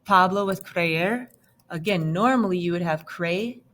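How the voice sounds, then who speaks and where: A woman's voice: fairly low pitch, moderate pace, a bit bright, faint music behind. A woman teacher explaining grammar step by step in a patient, recorded lesson. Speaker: Spanish teacher.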